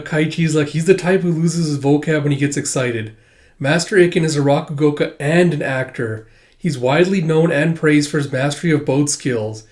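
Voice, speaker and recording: A man casually recapping a comic chapter, reading the characters' lines aloud with sudden jumps in pitch and loudness, laughing now and then. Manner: casual and chatty, many fillers. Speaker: manga reader and commentator.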